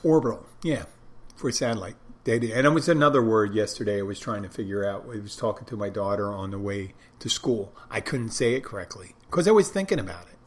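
A man's voice: lowish voice, lively intonation, quick pace, hardly any pauses. A man talking in a loose, casual monologue, often breaking off and restarting his sentences as he thinks aloud. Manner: rambling, self-interrupting, conversational.

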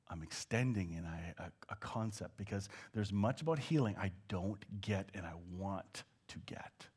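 A man preaching a sermon, moving between hushed asides and loud, acted-out shouts. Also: lowish voice, breathy edge.

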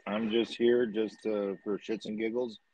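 Sex: man. Role: podcast co-host. Pitch: low. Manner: dry, offhand. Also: little pitch movement, a little slow, a little mellow, a little hiss or hum, rough recording. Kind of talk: casual chat.

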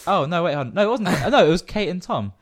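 A playful male comedy podcast co-host with a lively, swinging pitch. He riffs and jokes at an easy pace. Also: fast talker. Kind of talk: improvised comedy.

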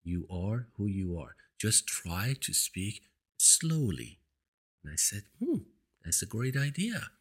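Talk show host, male, non-native English with an accent; slightly low, husky voice; earnest, emphatic motivational delivery. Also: sing-song, slow. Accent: foreign. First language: not English. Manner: earnest, emphatic, repeats points for stress. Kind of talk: motivational monologue. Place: seated indoors. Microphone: studio microphone.

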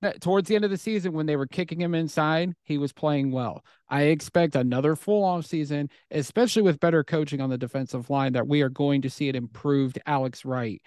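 Enthusiastic guy talking football on a podcast, smooth clear voice, dead dry sound. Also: fairly high pitch, brisk, few pauses, a little mellow, no room sound. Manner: eager, enthusiastic analysis. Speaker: podcast co-host. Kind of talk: casual sports chat.

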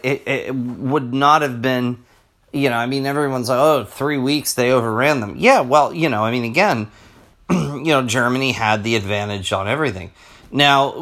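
A man hosting a casual history podcast, talking in a rambling, halting way with restarts and throat-clearing. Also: mid-range voice, a bit bright. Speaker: podcast host.

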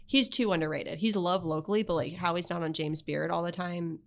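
A woman's voice: on the low side, steady tone, vocal fry. A woman in her thirties, a food blogger guest telling bubbly stories in a casual podcast chat in a studio. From Florida. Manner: bubbly, quick storytelling with many fillers.

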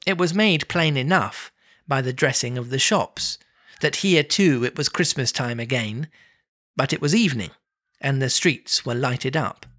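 A narrator reading a classic story aloud in a measured, expressive way. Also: medium pitch. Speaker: reader.

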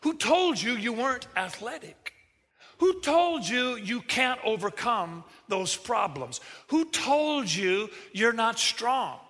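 A man preaching a sermon as a pastor, animated and joking, acting out the voices he quotes. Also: extremely high pitch, slow pace, soft background music. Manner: animated, acts out quoted voices, jokey asides. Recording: reverberant hall sound.

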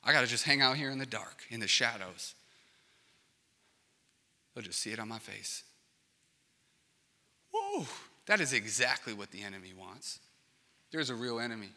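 Earnest man preaching in a reverberant hall. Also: lowish voice. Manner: earnest, swings from hushed to loud and passionate. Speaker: pastor. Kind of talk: sermon.

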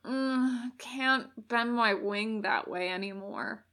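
A woman's voice: on the high side, slow pace, sharp tone, very echoey, full character voice. A woman voicing an injured male demon who grunts and murmurs in pain. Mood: weary.

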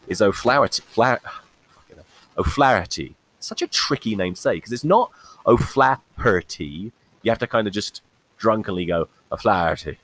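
A man's voice: on the low side, husky. Blunt sweary man, crackly mic. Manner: blunt, sweary, opinionated, rambling. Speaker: podcast host. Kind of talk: casual solo rugby chat. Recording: crackly faulty mic with faint hiss.

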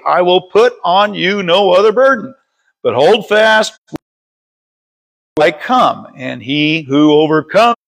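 A man leading a Bible study, reading scripture aloud slowly and stumbling over words, then stopping to teach. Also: a little high, vocal fry, a bit bright, low-quality recording. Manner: reads slowly with frequent stumbles and self-corrections. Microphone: streaming over Wi-Fi.

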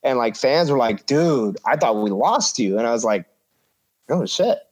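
A man's voice: mid-range voice, lively intonation, moderate pace, a little mellow. A man in his thirties, a professional wrestler guest, casually telling a story, swearing freely and acting out the quotes.

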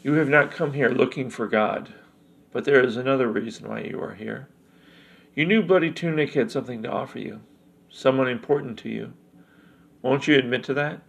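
A man voicing a calm, knowing young woman of a village, speaking in a gravelly voice. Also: mid-range voice, normal speed, natural voice.

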